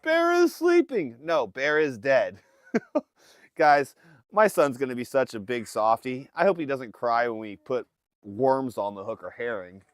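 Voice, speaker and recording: The clip features a livestream host from Alaska aboard a fishing boat, casually recounting a tale to his chat while mimicking his family's voices. Recorded through a phone stream, his medium-pitched voice keeps a moderate pace with no room sound.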